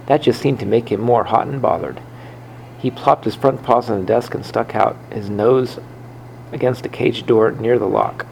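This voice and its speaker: A man reading a children's book aloud in first person, unhurried, with occasional slips and rereads. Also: mid-range voice, steady tone, gravelly, darkish tone, a little hiss or hum, poor audio. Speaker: reader.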